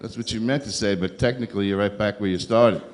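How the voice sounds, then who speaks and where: A man doing a stand-up comedy set on a club stage, sarcastic with deadpan asides and talk to the crowd. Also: on the low side, fast, a little hiss or hum.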